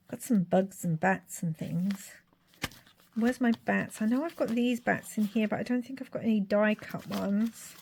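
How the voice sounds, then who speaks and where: Chatty woman talking slowly. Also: mid-range voice, a little hiss or hum. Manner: chatty, thinking aloud, giggly. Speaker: crafter. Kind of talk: crafting vlog commentary.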